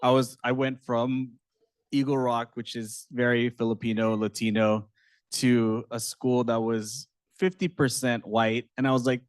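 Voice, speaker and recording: A young man moderating a book talk, asking questions and sharing his own story in a relaxed, friendly way. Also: mid-range voice, a little slow, no room sound. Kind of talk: conversational interview.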